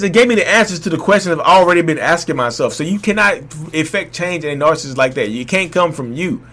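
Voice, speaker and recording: A man, hosting a candid unscripted monologue about his own experience, rambling with restarts and getting loud when he is heated. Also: on the high side, animated, fast talker, few pauses. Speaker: vlog host speaking on his own experience.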